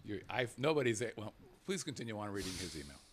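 A man co-hosting a casual podcast, reading out listener names with playful, animated banter that drops into murmured asides. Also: fairly low pitch, fast, breathy edge. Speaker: co-host.

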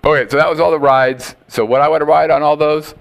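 A man's voice: on the high side, steady tone, a little fast, vocal fry. A man hosting a podcast, telling jokey stories in casual banter and often laughing.

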